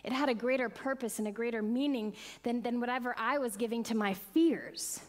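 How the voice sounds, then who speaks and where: A middle-aged woman minister delivers an inspirational sermon in a somewhat high voice. She tells her story with dramatic contrasts, sinking into soft whispers and then surging into bright, excited emphasis. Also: fairly quick. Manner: dramatic swings from hushed whispers to excited, loud bursts.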